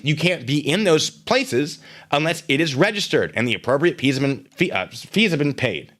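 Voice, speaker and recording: A man's voice: on the high side, very animated, normal speed, fairly bright tone. A man hosting a live stream, commenting casually and sarcastically while reading chat messages aloud.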